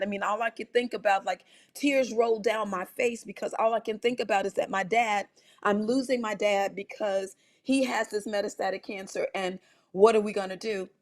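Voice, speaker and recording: A middle-aged woman doctor telling a personal story in a health talk, animated, with many restarts and fillers. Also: on the high side.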